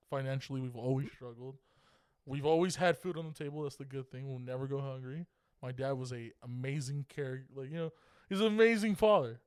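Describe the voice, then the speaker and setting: A man's voice: medium pitch, darkish tone, smooth, dry recording, clean studio sound. A young man from California co-hosting a podcast, telling a rambling, profane story in casual chat. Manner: profane, rambling, laughing as he talks. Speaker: podcast co-host.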